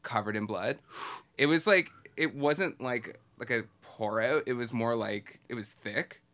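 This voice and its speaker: A man's voice: medium pitch, unhurried. Thirty-something guy telling a story. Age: 30s. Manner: relaxed, filler-heavy, laughs through stories. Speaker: podcast co-host. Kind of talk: casual podcast storytelling.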